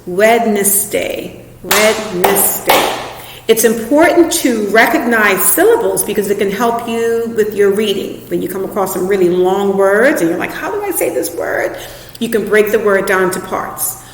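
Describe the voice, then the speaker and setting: Echoey woman teacher in a classroom. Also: on the high side. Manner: patient, spells words out slowly letter by letter. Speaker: reading teacher. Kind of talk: recorded classroom lesson for students. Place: classroom with a flip chart. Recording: very echoey room with a long reverb.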